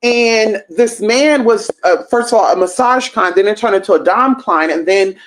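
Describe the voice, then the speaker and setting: A woman hosting a livestream, telling a story in a sassy, profane, animated way. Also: mid-range voice, normal speed, a little hiss or hum. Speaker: livestream host.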